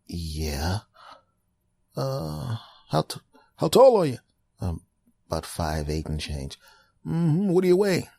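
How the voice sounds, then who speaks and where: A man voicing a reckless male doctor on the phone who gives absurd instructions with brisk confidence. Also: fairly high pitch, gravelly, mellow, dry recording, studio quality, pitched above the performer's own voice. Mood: breezy.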